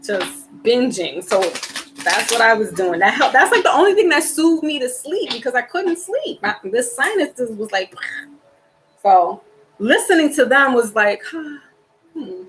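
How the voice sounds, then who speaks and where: A woman's voice: fairly high pitch, animated, unhurried, background noise. A woman giving a casual tarot card reading, chatty and rambling as she talks straight to her viewers. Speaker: tarot reader.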